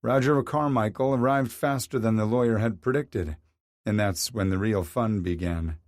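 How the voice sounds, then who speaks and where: A man narrating a story in a measured, even reading voice. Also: fairly low pitch, no room sound, clean studio sound. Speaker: audiobook narrator. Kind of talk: scripted narration.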